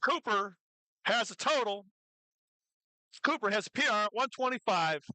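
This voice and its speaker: A meet commentator calling live weightlifting attempts, who cheers lifters on excitedly and drops jokey asides between lifts. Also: medium pitch, normal speed, no room sound, rough recording.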